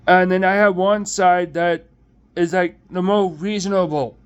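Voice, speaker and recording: Slow, halting young man, high-pitched. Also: fairly even intonation, smooth, muffled recording. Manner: halting, hesitant, many restarts and trailing off. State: emotional, close to tears. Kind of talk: personal confessional vlog.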